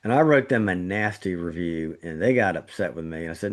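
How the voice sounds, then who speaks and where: Speaking low and expressively at a slightly fast clip, a middle-aged man shares a story in relaxed podcast conversation. He's a trauma surgeon and co-host, and his voice leaps upward when indignation takes hold.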